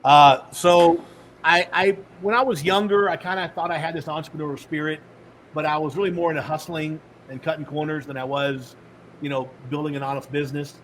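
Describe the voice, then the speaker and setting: Animated middle-aged man telling his story. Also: a little high, brisk, slight background noise, low-quality recording. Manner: animated storyteller acting out dialogue. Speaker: podcast guest, author and speaker. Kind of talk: storytelling in a podcast interview.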